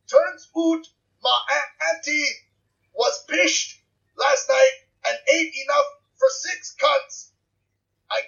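A Canadian man slowly sounding out a crude tweet in a clumsy, half-Scottish voice. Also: very high-pitched, gravelly, bright, forceful tone, highs cut off, voice pushed up, heavily acted. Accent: Canadian trying Scottish. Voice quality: slow, sounded-out.

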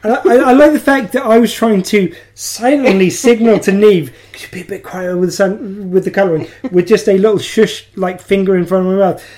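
A woman's voice: mid-range voice, fairly quick, hardly any pauses, warm tone. A woman co-hosting a casual podcast chat from England, chatty and self-mocking, laughing often. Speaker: podcast co-host.

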